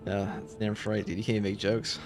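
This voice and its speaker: A man's voice: lowish voice, level tone, fast talker, background noise. A man with a New York accent, chatting bluntly and jokingly on a gaming stream. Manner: blunt, joking, swears casually. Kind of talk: casual gaming stream chat.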